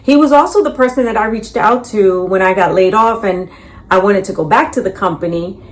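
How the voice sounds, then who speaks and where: A woman's voice: mid-range voice, a little fast. Middle-aged woman recounting a layoff. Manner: animated, quotes others in dialogue. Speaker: laid-off employee telling her story. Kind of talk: storytelling in a reacted clip.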